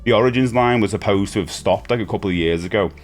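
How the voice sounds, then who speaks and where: Man in his forties, very low voice, chatty unboxing talk, excited and rambling, faint music underneath. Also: fast talker. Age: 40s. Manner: chatty, enthusiastic, rambling with restarts. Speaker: toy collector vlogger. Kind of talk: casual unboxing chat.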